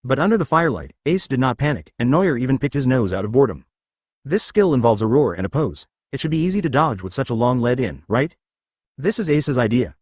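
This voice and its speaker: A man's voice: medium pitch, no room sound, clean studio sound. A man narrating a fan-fiction story as a synthetic audiobook voice, reading censored words out letter by letter with asterisks.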